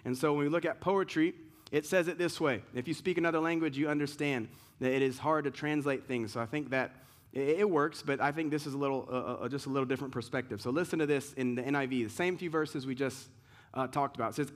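A man's voice: on the high side, brisk. A man preaching a sermon as pastor, asking rhetorical questions and mixing emphatic lines with casual asides.

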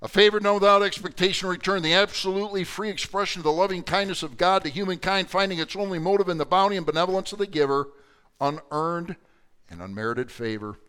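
Older male Bible teacher, slightly high voice, emphatic with hushed asides, live church class. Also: fast, clear, resonant tone. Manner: dynamic, swings from loud emphasis to quiet asides. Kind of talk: sermon-style Bible teaching.

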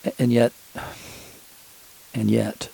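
Man, pastor, sermon, husky, gravelly, conversational with frequent restarts. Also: medium pitch, little pitch movement, slow, mellow, rough recording.

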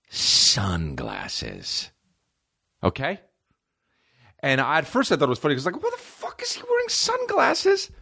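A man in his thirties, a podcast host and comedian, telling a comic story in an excitable, profane way. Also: fairly low pitch.

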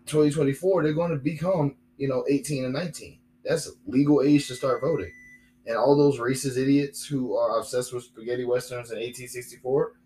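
A man's voice: mid-range voice, steady tone, brisk, warm tone, a little hiss or hum, low-quality recording. A young man hosting a solo podcast, rambling and repeating himself with lots of fillers. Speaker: podcast host.

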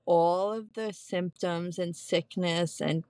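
A woman in her thirties, a postpartum nurse, telling a candid personal story as a podcast guest, animated and laughing often. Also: fairly low pitch, normal speed, dry recording.

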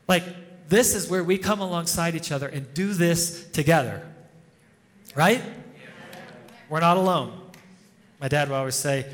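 Higher-voiced pastor in a reverberant hall. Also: male voice, fairly quick, a bit bright. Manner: informal storytelling, chuckles often. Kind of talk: conversational sermon. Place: church hall before a congregation. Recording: long reverb of a church hall.

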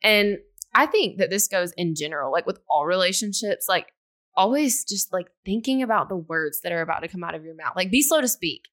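A woman's voice: lowish voice, animated, a little fast, fairly bright tone. A young adult woman co-hosting a podcast, speaking earnestly and casually with lots of filler words. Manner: earnest, rambling, heavy use of "like". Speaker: podcast co-host. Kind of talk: casual chat.

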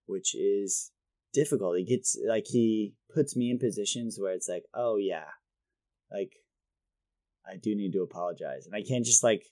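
A man in his thirties co-hosting a podcast, chatting casually and rambling, self-deprecating and quick to laugh. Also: on the low side, warm tone, no echo, clean studio sound. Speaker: podcast co-host. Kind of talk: casual chat.

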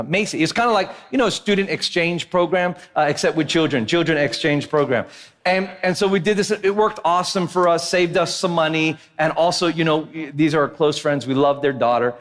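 A man in his thirties preaching a sermon as pastor, telling a funny family story in an animated, joking way and often asking the crowd "right?". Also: a little high. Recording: long hall reverb of a church.

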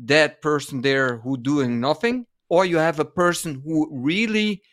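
Fields: Sex: man. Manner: halting. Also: on the high side, fairly bright tone. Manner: halting, searches for words mid-sentence. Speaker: dance podcast co-host. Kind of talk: casual conversation about dance.

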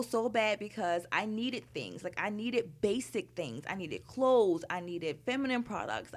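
Candid woman telling her story. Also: medium pitch. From Baltimore, Maryland. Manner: frank, conversational, heavy use of "like" and "you know". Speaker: storyteller recounting her youth.

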